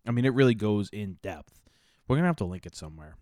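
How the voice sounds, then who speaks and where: A man's voice: on the low side, animated, quick pace, mellow, no room sound, studio quality. A man co-hosting a podcast, chatting casually with lots of fillers and some teasing. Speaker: podcast co-host. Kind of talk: casual chat.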